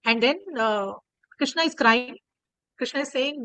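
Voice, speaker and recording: Indian woman storyteller, animated, repeats herself, fairly high voice, dry call audio. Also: a little slow, no echo, rough recording. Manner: animated, repeats words while telling. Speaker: devotional storyteller. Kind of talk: online class storytelling. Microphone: video call.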